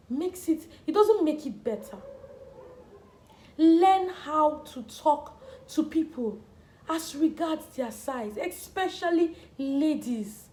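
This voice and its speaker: A young woman speaks earnestly to camera, pressing her points and repeating words for emphasis. Her voice sits high. The room around her rings with echo. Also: expressive, takes it slowly, dark tone, slight background noise. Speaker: vlogger. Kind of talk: personal talk to camera. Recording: echoey room.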